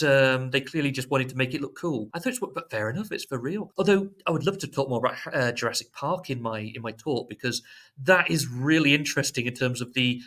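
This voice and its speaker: A man chatting as a podcast guest, speaking in a middling voice and telling stories with lively sarcasm. He jokes as he goes and keeps a loose, conversational flow. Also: mid-range voice. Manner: animated, joking and sarcastic. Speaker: podcast guest, software engineer. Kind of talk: casual podcast chat.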